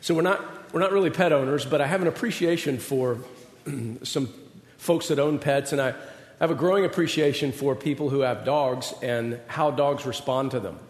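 A man's voice: mid-range voice, normal speed. A middle-aged man preaching, telling self-deprecating personal stories in a conversational way. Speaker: pastor. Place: large hall with an audience. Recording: roomy hall with long reverb.

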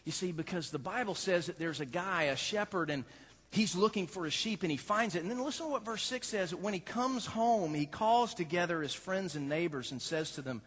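A man's voice: sits high, lively intonation, moderate pace, fairly bright tone, slightly rough, long reverb tail. A man preaching a sermon, telling a story in a playful, dramatic way. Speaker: pastor.

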